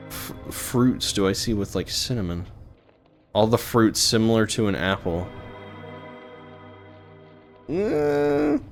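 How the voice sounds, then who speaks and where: A man streaming a game in casual, crude, bickering chat, with music playing clearly behind. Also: medium pitch.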